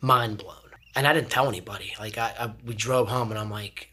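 A man's voice: fairly low pitch, fairly quick, slight background noise. Earnest man telling a story. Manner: earnest, animated, repeats words when starting sentences. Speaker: podcast guest. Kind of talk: casual storytelling.

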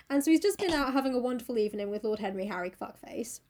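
A woman's voice: on the high side, a little mellow. A young woman co-hosting a casual chat, retelling a novel with crude jokes. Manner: crude, joking, fast storytelling. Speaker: podcast co-host.

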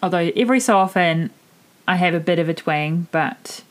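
A woman's voice: lowish voice, normal speed. A woman in her thirties from Germany with a New Zealand accent, hosting her own podcast in a candid, chatty monologue full of fillers. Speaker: podcast host and mindset coach. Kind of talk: casual solo podcast monologue.

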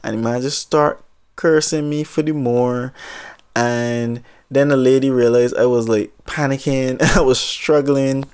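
A man telling a comic story in casual talk, animated and exaggerating, with some swearing. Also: mid-range voice, unhurried, clean tone.

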